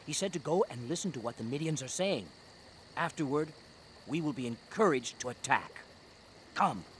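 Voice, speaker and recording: An actor voicing a brave, devout biblical military leader in an animated Bible story, speaking with solemn earnestness. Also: male voice, medium pitch, normal speed, close to an everyday voice. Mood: hushed earnest. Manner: solemn and earnest in quiet talk, rousing when commanding.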